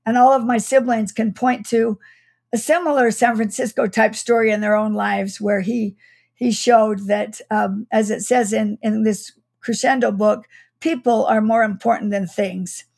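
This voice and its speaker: Higher-voiced woman telling a childhood story. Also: fairly even intonation, measured pace, creaky. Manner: warm, reflective, with soft laughs and restarts. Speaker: guest author. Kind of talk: storytelling in an interview.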